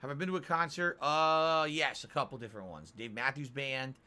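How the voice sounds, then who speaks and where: Reading chat questions during a casual livestream, this man answers in a sarcastic, self-deprecating way, frequently starting over. His voice is medium in pitch, brisk, and sharp in tone, with smooth audio.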